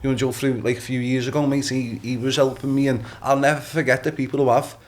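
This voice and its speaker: Animated young man telling stories. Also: mid-range voice, fast talker. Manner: animated storytelling, acts out quotes, swears, repeats "you know what I mean". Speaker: guest boxer. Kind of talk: casual podcast chat.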